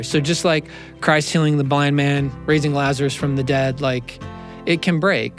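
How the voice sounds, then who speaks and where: A man, a counselor, talking in a casual interview, animated and quick with asides, in a studio. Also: on the high side, faint music behind. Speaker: counselor, podcast guest. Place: radio studio.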